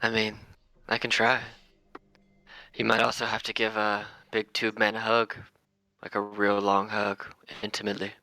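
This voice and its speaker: Gravelly low-voiced man playing his character. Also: completely flat delivery, moderate pace, pushed and bright, dry recording, low-quality recording. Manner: blunt, insistent, wry. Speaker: player. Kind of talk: in-character tabletop play.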